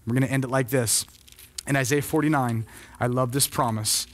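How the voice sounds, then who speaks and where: A male pastor preaching a sermon, swelling loud and then dropping soft. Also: mid-range voice, steady tone, normal speed, slight background noise.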